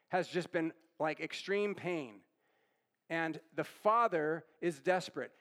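High-pitched guy preaching, chatty, keeps asking the crowd stuff and going "right?". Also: a bit bright. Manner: asks the audience questions and repeats their answers; conversational, often tags lines with "right?". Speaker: pastor. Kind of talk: interactive sermon.

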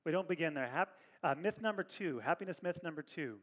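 Man, pastor type, high-pitched, chatty lively sermon delivery, talks straight to the congregation. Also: brisk. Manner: conversational, animated preaching with asides to the congregation.

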